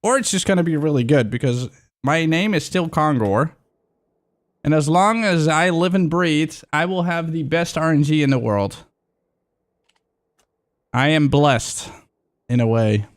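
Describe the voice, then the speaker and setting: A young man talks to his stream in a loose, rambling way, excitable and quick to swear. His voice sits a bit high for a man. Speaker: livestreamer. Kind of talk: casual livestream chat.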